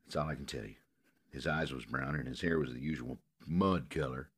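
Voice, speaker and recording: A man's voice: rumbling low, fairly quick, husky. A man voicing a bitter young frontier farm girl with a Missouri accent. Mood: accusing. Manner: bitter, accusing.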